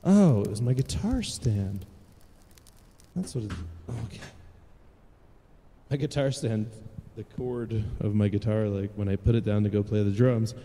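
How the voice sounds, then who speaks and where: A man's voice: on the low side, unhurried, dark tone, in a large hall, slight background noise. A man chatting casually and rambling to live viewers from his home music studio. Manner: rambling, chatty, self-deprecating.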